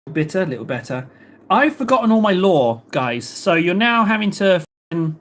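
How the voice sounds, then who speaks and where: A man's voice: fairly high pitch, fairly bright tone, slight background noise. An English man in his thirties, chatting casually with viewers on a livestream in a rambling, playful way, full of rhetorical questions. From England. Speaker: livestream host painting miniatures.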